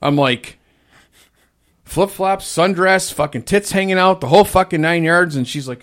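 A man in casual conversation, swearing freely and telling stories about his fast food job, mimicking the voices of the people in them. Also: high-pitched, a bit bright. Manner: profane storyteller, mimics people in shifting voices. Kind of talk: casual chat.

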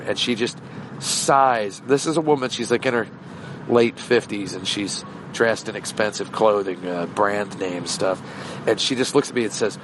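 A low-voiced man telling a long, casual story in a meandering way, circling back with fillers and restarts. He sounds like a podcast host recording while walking outdoors. Faint traffic hums behind him. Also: normal speed. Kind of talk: rambling casual anecdote. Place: outdoors, walking around shops.

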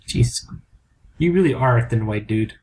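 A man's voice: mid-range voice, expressive, moderate pace, a little mellow, a little hiss or hum. Male podcast co-host; playful teasing, loose joking banter. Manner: riffing, teasing, mock-dramatic announcer bits. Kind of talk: casual banter.

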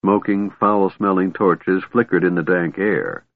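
A man reads a fantasy story in a measured, steady way, his low voice somewhat husky. The recording is dry and closely miked, with a thin, phone-like band that cuts the lows and highs. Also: no room sound. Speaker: audiobook narrator. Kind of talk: scripted fantasy narration. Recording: tinny narrow-band recording.

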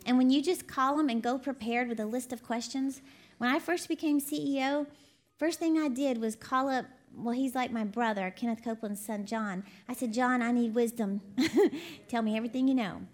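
Chatty woman preaching, high voice. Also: moderate pace. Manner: chatty, laughs often, folksy storytelling. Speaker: ministry CEO and preacher. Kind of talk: conversational sermon.

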